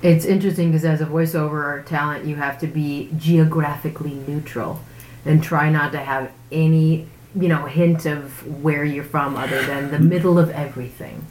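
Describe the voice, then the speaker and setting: A woman's voice: sits low, fairly even intonation, moderate pace, a little mellow. A voiceover artist chatting casually, curious and talkative, with a woman's voice. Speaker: voiceover talent. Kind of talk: casual chat. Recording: echoey room, faint ambient noise.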